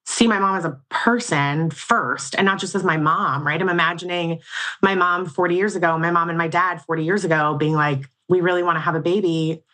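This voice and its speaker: A woman's voice: on the low side, normal speed, pushed and bright. A woman in her forties, a guest in a casual interview, talking in an earnest, reflective and slightly emotional way. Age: 40s.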